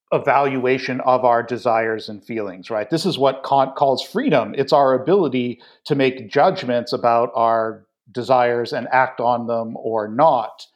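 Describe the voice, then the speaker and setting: A man on a philosophy panel, explaining an idea step by step with rhetorical questions. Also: medium pitch. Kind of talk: casual academic discussion.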